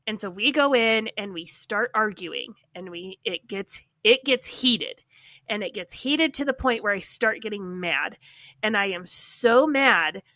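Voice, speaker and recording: Woman podcast host, animated storyteller, bright and a touch high, dry close sound. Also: a little slow, no room sound. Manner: animated, heavy use of "like". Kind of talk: casual storytelling chat.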